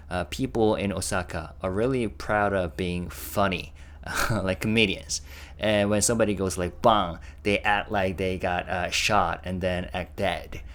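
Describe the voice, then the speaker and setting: A man's voice: low-pitched, fairly bright tone. A young man hosting a casual reaction video, chatting and stopping often to react and translate. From Korea.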